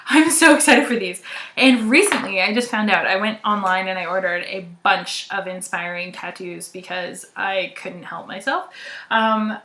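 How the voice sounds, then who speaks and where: Bright, giggly young woman chatting. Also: medium pitch, reverberant. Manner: chatty and rambling, many ums, giggles often. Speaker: knitting podcast host. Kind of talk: casual chat to viewers.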